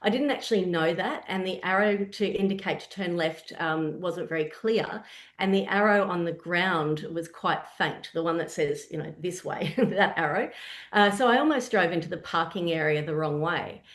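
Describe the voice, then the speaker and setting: A woman's voice: lowish voice, moderate pace, reverberant. A woman from Australia with an Australian accent, telling a personal story while presenting a webinar in a conversational way. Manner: conversational storytelling, animated asides.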